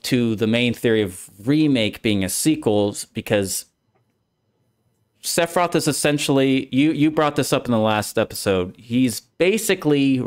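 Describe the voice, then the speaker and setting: A man streaming a casual discussion, rambling through his explanation with many restarts. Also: medium pitch. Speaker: streamer, host.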